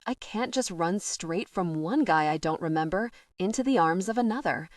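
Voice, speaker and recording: A woman reading a first-person romance audiobook in a soft, intimate, emotional way. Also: lowish voice, lively intonation, moderate pace, no echo, clean studio sound. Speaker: audiobook narrator. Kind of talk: first-person scripted narration.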